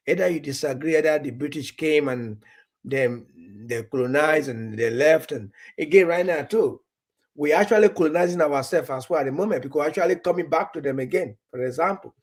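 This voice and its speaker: A man from Nigeria with a slightly high, husky voice talks in a loose, rambling way. He restarts and repeats words, and he acts out little conversations as he goes. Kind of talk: casual chat.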